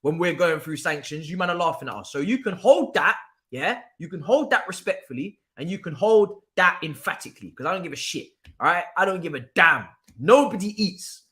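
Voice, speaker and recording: A young man with a high and somewhat bright voice runs a football watchalong livestream, ranting emphatically. His talk is casual and repetitive, with frequent laughs mixed in.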